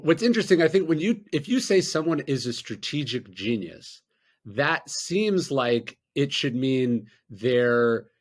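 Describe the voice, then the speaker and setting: Calm, measured podcast host. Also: male voice, medium pitch. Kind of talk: podcast interview.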